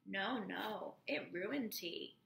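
In a storybook read aloud, an earnest young boy speaks in halting, broken English, groping for each word, as a woman reader puts him on. The voice is strongly gravelly and bright. The room around it has a noticeable echo. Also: medium pitch, animated, slight background noise, heavily acted. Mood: polite. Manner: halting, struggling for words.

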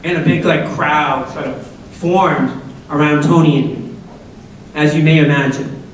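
A man's voice: on the high side, steady tone, unhurried, slight background noise. A middle-aged man from Massachusetts gives a conversational personal story at a school assembly, asking the audience questions and making jokey asides. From Massachusetts, USA. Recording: very echoey hall, voice from far off.

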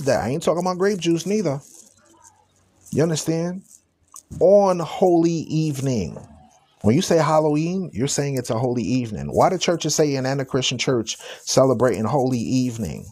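A man hosting a live stream of religious commentary. He speaks emphatically and sarcastically, repeats rhetorical questions, and reads scripture slowly. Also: fairly high pitch, darkish tone, husky.

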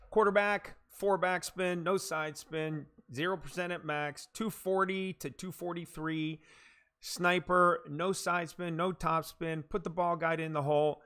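A man streaming a game live, cheering on viewers with chanted catchphrases and muttering low asides in between. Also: bright, forceful tone.

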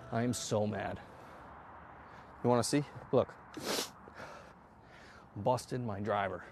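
A man chatting casually to viewers while hitting golf balls, excitable and self-mocking, swearing often and breaking into loud outbursts. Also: mid-range voice, a little hiss or hum. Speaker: golf vlogger. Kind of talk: casual range-session chat to viewers.

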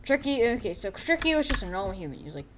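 A woman's voice: medium pitch, very animated, very fast, crowd noise. A woman giving goofy, rambling commentary over a sandbox game, making up a story as she plays. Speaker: gameplay commentator. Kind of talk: casual gameplay commentary. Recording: keyboard typing and clicks audible.

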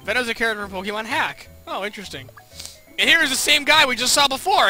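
A man's voice: high voice, animated, fast, pushed and bright, faint music behind. A man streaming a video game with a cold, giggly and playful as he chats with his viewers. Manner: giggly, playful, chatting with chat. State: has a cold. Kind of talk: casual game commentary.

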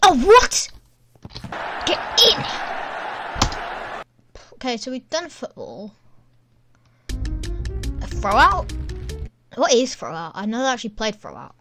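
Excitable high-voiced woman gaming. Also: takes it slowly, pauses often, music in the background. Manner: excitable, exclaiming and thinking aloud. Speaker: gaming channel host. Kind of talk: gameplay commentary. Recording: keyboard clicks and typing in background. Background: keyboard typing noise.

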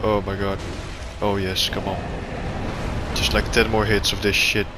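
A young man hosting a gaming video, swearing constantly and yelling at the game as he plays. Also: on the low side, little pitch movement, a little slow. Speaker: gaming channel host. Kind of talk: raging live gameplay commentary. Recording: noisy home recording.

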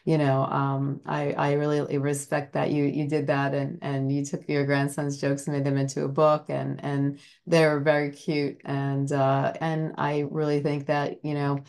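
A woman's voice: deep voice, completely flat delivery, a little slow, vocal fry, few pauses, a little mellow. A woman hosting a podcast interview, talking earnestly and rambling with many fillers. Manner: rambling, full of "you know" fillers; earnest and admiring. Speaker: podcast host. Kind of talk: casual interview chat.

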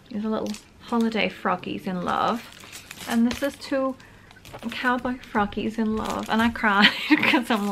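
A young woman from Northern England runs through a gift haul vlog in a room at home, talking casually with the occasional gush and giggle. Her voice is mid-range, a camera on a stand picks her up, and there's background noise.

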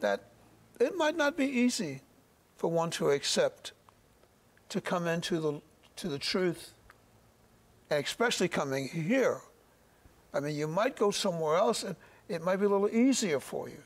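A middle-aged man shares his faith story in a church interview. His voice sits a little high and has a gravelly edge. He speaks earnestly and haltingly, often doubling back on his words. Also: big pitch swings. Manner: earnest, halting, repeats words while searching.

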